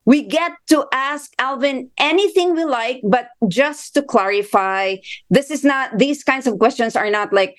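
A woman's voice: high-pitched, a little slow, few pauses. A woman from the Philippines with a Filipino accent, co-hosting a casual podcast chat, talking in a loose, chatty way with easy laughs. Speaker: co-host asking questions.

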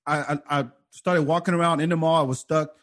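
A man's voice: a little high, brisk. A man telling stories in a casual podcast chat, acting out the people in them. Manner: animated, acts out voices in stories. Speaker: comedian guest.

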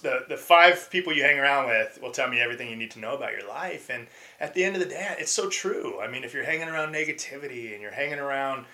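A middle-aged man tells personal stories as a podcast guest. He is animated, acts out quotes and restarts often. His voice is very bright and forceful. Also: medium pitch. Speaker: podcast guest, former pro baseball player. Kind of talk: casual storytelling interview.

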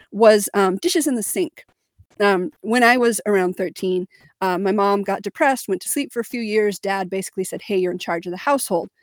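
Young adult woman, podcast co-host, candid and emphatic storytelling, mid pitch, dry recording. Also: dry recording. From Missouri, United States. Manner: candid and emphatic, with laughs and fillers. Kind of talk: personal storytelling in a podcast chat.

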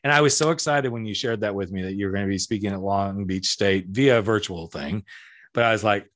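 A man hosting a casual podcast interview, enthusiastic and animated as he introduces his guest. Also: a little fast, dry recording, clean studio sound. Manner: enthusiastic, animated quoting with big pitch jumps. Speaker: podcast host.

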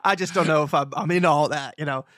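A man's voice: on the high side, fast, a bit bright, no echo, studio quality. A young adult man co-hosting a podcast, chatting casually, swearing freely and joking at his own expense. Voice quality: swears freely, self-mocking. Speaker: podcast co-host. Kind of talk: casual chat.

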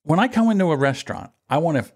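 A man's voice: fairly high pitch, very animated, rapid-fire, breathy edge. A man co-hosting a podcast, blunt and impatient, swearing as he chats casually. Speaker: podcast co-host.

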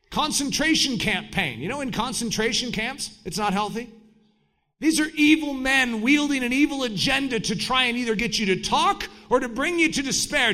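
A man preaching a sermon in an animated way, breaking into shouted mock voices. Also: extremely high pitch, normal speed.

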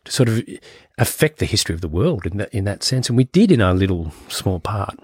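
Musing man, lowish voice. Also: big pitch swings, brisk, darkish tone, breathy edge, no echo, clean studio sound. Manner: musing, many fillers and restarts. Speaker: guest, film producer. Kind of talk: casual interview chat.

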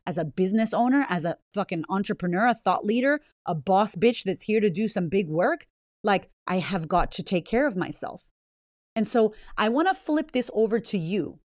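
A woman's voice: medium pitch, dry recording, studio quality. Blunt, profane woman podcast host. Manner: blunt, heavily profane, emphatic and raw; repeats phrases for emphasis. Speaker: podcast host and business owner. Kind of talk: motivational podcast monologue.

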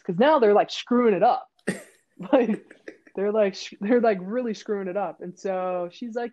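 A woman tells a long story in casual, animated chat and acts out the quotes with sudden rises in her voice. Her tone is warm and mellow. The sound is a little dull and muffled. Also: mid-range voice, normal speed. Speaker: guest.

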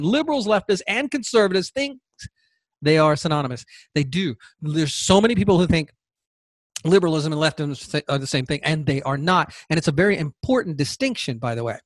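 Rambling male podcast host, slightly high voice. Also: lively intonation, fairly quick, no room sound, studio quality. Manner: rambling, repeats words, digresses. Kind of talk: casual podcast monologue.

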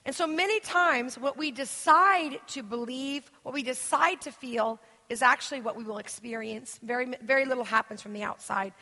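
A woman from the United States preaches to a church crowd in a loose, rambling way, stacking stories with "like" and "you know." Her voice sits high and sounds bright and lively. The long reverb of a big church hall trails behind each line. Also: moderate pace, hardly any pauses. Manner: chatty, rambling storytelling with many fillers. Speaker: guest minister. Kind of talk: interactive sermon teaching.

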